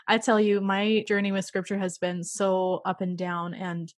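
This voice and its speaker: A woman's voice: medium pitch, monotone, moderate pace, no room sound, clean studio sound. A woman hosting a casual interview, an encouraging listener who laughs often. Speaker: podcast host.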